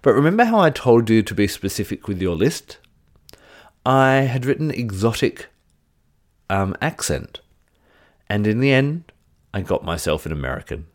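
A man's voice: lowish voice, sing-song, normal speed, long pauses. A middle-aged man teaching in a casual, chatty way, with light joking asides. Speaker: crystal teacher. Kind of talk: casual teaching chat to camera.

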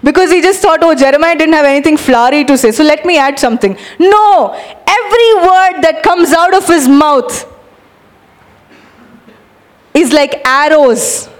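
A woman with a high voice delivers a lively sermon to her congregation. She urges her listeners on with energetic calls and animated, acted-out demonstrations. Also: moderate pace. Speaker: preacher.

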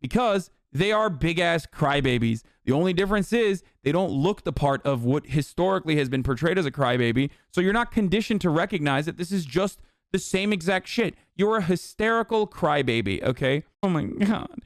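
A man's voice: on the high side, animated, moderate pace, no echo, clean studio sound. A man giving heated, sarcastic political commentary, swearing constantly as he reacts to a clip.

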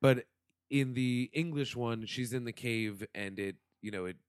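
A man in a casual chat, telling stories in a relaxed, easy way. His voice has an average pitch and sounds close and dry, with no echo. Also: measured pace, clear, resonant tone.

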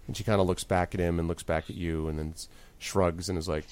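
A man's voice: deep voice, steady tone, fast, hardly any pauses, darkish tone. A man narrating as game master in a rambling way with many fillers.

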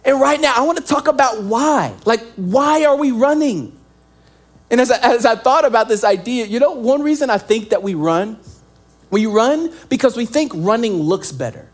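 A young man preaching a sermon as pastor, animated and joking, acting out little scenes as he goes. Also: very high-pitched, normal speed.

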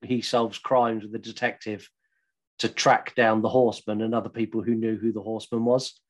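A man's voice: on the low side, flat delivery, normal speed. A young Englishman co-hosting a podcast, rambling and jokey in casual chat and swearing freely. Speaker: podcast co-host.

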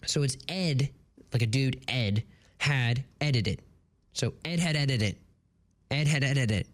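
On a close studio broadcast mic, a morning radio host with a mid-range voice speaks a little slowly in playful solo banter. They stumble through tongue twisters and laugh at their own slip-ups.

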